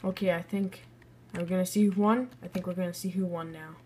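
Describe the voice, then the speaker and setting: A woman's voice: on the low side, fairly even intonation, fairly quick, darkish tone, slightly rough. A young woman casually commenting on a building game and bluntly rating other players' builds. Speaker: gaming video creator.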